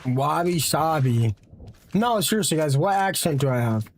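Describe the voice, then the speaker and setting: Young American male streamer, high-pitched, hyped and chatty, slight background noise. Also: normal speed. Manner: excitable, chants sound effects while playing. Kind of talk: live game streaming with chat.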